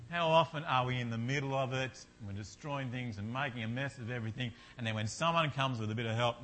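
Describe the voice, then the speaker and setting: A man's voice: medium pitch, fairly quick, a bit bright, a little hiss or hum. A man preaching a sermon in an earnest manner, building to fervent repetition.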